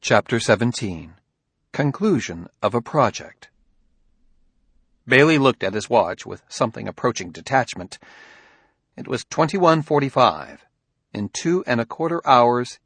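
A man with a husky, slightly rough voice reads a novel aloud at a steady, measured pace. The sound is close and dry, with no trace of room echo. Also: medium pitch. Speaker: audiobook narrator. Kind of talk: scripted narration.

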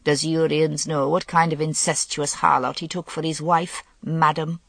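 A woman's voice: low-pitched, little pitch movement, moderate pace, vocal fry, no echo. A woman voicing a cruel, lustful young man who sneers and snarls, dropping into harsh whispers, in an audiobook reading. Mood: sneering.

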